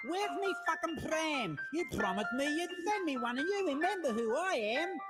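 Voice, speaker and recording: A woman's voice: sits high, sing-song, normal speed, loud music behind the voice. A woman voicing a foul-mouthed, angry little girl in a crude comedy song, brash and sing-song. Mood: furious ranting.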